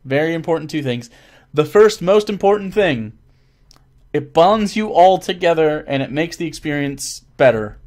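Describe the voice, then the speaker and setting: A man answering viewer questions as a dungeon master in a casual chat, rambling and animated, swearing freely and trailing off with fillers. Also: sits high, moderate pace. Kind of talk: casual livestream Q&A.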